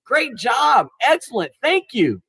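A man voicing a demanding wealthy master in a retold parable, emphatic and loud in praise and rebuke. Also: sits high, big pitch swings, normal speed. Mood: praising. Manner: emphatic, praising loudly then scolding.

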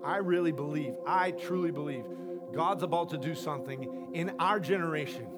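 A man preaching a charismatic sermon to a congregation in a church, passionate, swinging between loud exhortation and soft asides. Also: a little high, moderate pace, over loud music. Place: church sanctuary.

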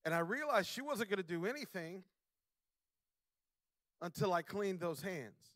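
A young man preaching a sermon, slowing down to stress key words and building to loud, emphatic passages. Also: high-pitched, lively intonation, dry recording, clean studio sound. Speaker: pastor; father.

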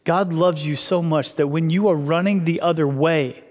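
A man's voice: a little high, moderate pace, few pauses, darkish tone. Man preaching in an echoing hall. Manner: conversational, acts out inner dialogue with God. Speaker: pastor. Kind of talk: sermon.

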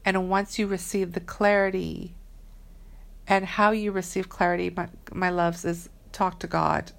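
Slangy, earnest woman with a low voice. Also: little pitch movement, a little slow, gravelly. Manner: earnest, chatty, slangy, many fillers. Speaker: spiritual reader. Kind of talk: casual spiritual vlog talk.

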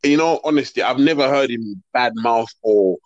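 A man's voice: mid-range voice, moderate pace, highs cut off, crowd noise. A young man, talking emphatically in slangy casual chat as a podcast co-host.

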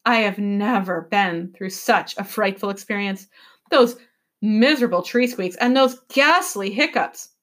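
A woman's voice: on the high side, lively intonation, moderate pace, fairly bright tone. A woman doing a fussy old professor. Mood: fussing. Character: fussy elderly male professor, easily flustered. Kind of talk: read-aloud storybook voice.

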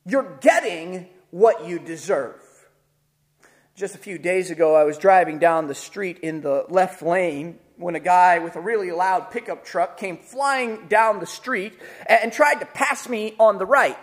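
A man preaching a sermon as pastor, telling stories with lively acted-out quotes and frequent repeated words at the start of sentences. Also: a little slow. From Chicago area. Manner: animated storytelling, acts out quotes with big pitch jumps.

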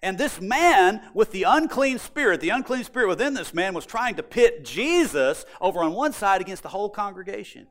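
A male pastor preaching a sermon with a high, lively voice that rises and drops dramatically. He is emphatic and builds his points through repetition. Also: moderate pace, few pauses. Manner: emphatic, expressive, repetitive for effect.

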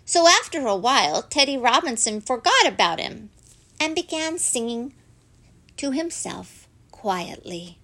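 A woman gently reading a children's story aloud, unhurried and expressive. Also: high voice.

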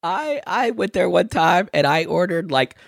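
A man's voice: high voice, animated, unhurried, gravelly, no echo, clean studio sound. A man telling stories in casual chat, laughing often and swearing freely.

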